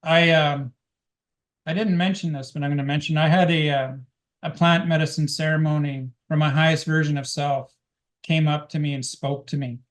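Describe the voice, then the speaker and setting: A man with a slightly higher-than-usual voice tells his spiritual life story to a class. He speaks earnestly and rambles a little, restarting his sentences as his thoughts come. When he quotes others, his voice lifts higher. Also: steady tone, moderate pace. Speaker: guest speaker teaching a class. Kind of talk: personal spiritual testimony.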